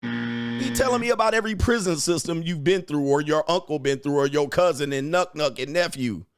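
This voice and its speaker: A man hosts a heated commentary rant. His voice sits a bit high and swings widely as he mocks people by imitating them. His talk is full of slang. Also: lively intonation, brisk. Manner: mocking, mimics others, heavy slang. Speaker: host. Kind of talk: ranting commentary.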